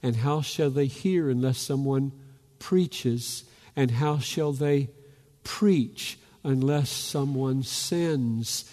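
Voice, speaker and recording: A pastor preaching a fervent sermon, rising to loud calls as he urges his listeners. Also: mid-range voice, extremely slow. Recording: long reverb of a large hall.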